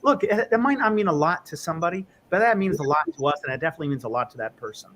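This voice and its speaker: A man's voice: on the high side, rapid-fire. A man, a respiratory therapist, talking in a casual conversation and acting out dialogue as he tells stories. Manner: animated storyteller, acts out dialogue.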